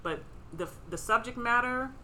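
Bright-voiced woman chatting bluntly. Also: a little high, normal speed, slight background noise, rough recording. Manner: blunt, laughs often. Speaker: podcast co-host. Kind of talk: casual chat.

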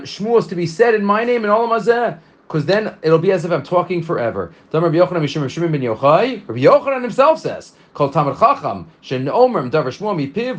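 Man giving a lively Talmud class. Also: on the high side, fast talker, muffled recording. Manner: reads Aramaic lines then explains them in English, with many restarts. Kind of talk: casual Talmud lesson.

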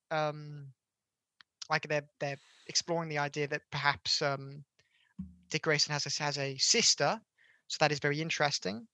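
Female podcast co-host, lowish but bright tone, close dry mic, opinionated. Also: no echo. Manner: opinionated, quick asides, picky about details. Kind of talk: casual film-review chat.

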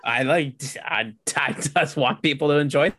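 A young man telling stories in a casual podcast chat, animated and full of fillers. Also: a little high, moderate pace, no echo. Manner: animated storyteller, lots of "like". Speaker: podcast guest.

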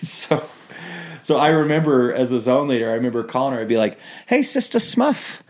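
A man in a medium voice guests on a podcast and tells stories in a casual, animated way. He laughs often. He trips over and restarts his sentences as he goes. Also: medium pitch, fast. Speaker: podcast guest, former missionary. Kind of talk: casual storytelling interview.

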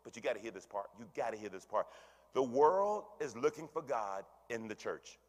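A male pastor preaching a sermon, swinging between hushed murmurs and loud emphatic peaks, with casual asides to the congregation. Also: medium pitch, expressive, moderate pace, in a large hall. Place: church sanctuary.

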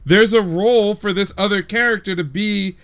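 Man, podcast co-host, forceful tone, casual, analytical talk. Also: high-pitched, normal speed. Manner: analytical, reasons point by point. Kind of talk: casual chat, anime review.

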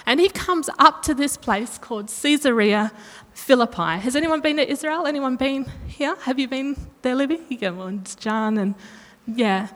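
A woman's voice: high voice, normal speed, fairly bright tone. A woman preaching a sermon in a chatty way, correcting herself and asking the room questions. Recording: long reverb of a hall.

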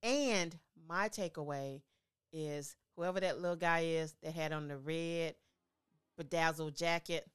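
A woman co-hosting a casual sports podcast, speaking in a playful, halting manner. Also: low-pitched, clear, resonant tone. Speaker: podcast co-host.

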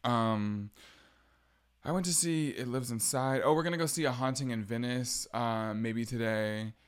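A young man hosts a casual solo podcast in a mid-range voice. He talks in a chatty, gossipy way, full of quick asides and sarcastic jabs. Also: mid-range voice, clean tone. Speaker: podcast host.

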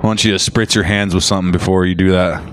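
A loud, brash young man co-hosting a podcast, cracking crude jokes in casual banter on a studio mic. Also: low-pitched, fairly even intonation, fast, smooth. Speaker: podcast co-host.

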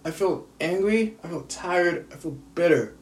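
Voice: medium pitch, animated, unhurried. An upset, exhausted adult venting at home in a bitter, profane, repetitive solo rant. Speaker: aspiring screenwriter venting. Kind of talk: emotional solo rant to camera. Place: at home indoors. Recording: roomy echo, distant from mic.

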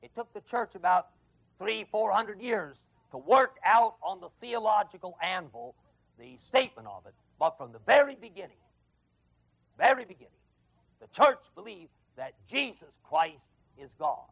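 A man's voice: sits high, lively intonation, normal speed, gravelly, slightly rough. A man teaching an adult Bible class in a classroom, emphatic, repeating key words and quizzing his listeners. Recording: dull lo-fi 1979 class recording.

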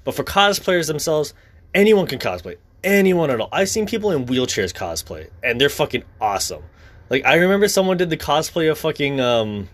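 A man's voice: medium pitch, a bit bright. A young man talking casually, blunt and profane, in a heated rant.

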